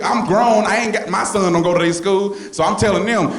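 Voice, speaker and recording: A male comedian telling animated stories on stage, yelling out punchlines, with a handheld mic. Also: high voice, brisk. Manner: loud, animated storytelling with yelling bits. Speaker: stand-up comedian. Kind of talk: stand-up comedy set. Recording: roomy club with loud audience laughter.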